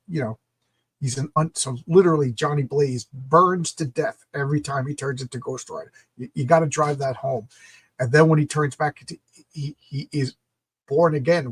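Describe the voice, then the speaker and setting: A man's voice: mid-range voice, breathy edge, no room sound. A middle-aged man reviewing comic books in a casual, enthusiastic, rambling way. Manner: enthusiastic, rambling, repeats words.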